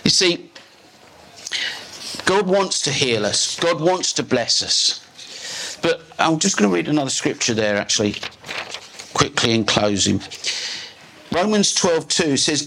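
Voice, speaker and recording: Bright, high-set man preaching emphatically. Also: sing-song, unhurried, long pauses. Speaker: pastor. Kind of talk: live sermon. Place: church service.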